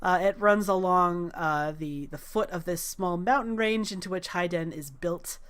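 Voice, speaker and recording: A woman narrating as game master of a tabletop game, chatty and quick to laugh. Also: fairly low pitch, fairly bright tone, clear, resonant tone.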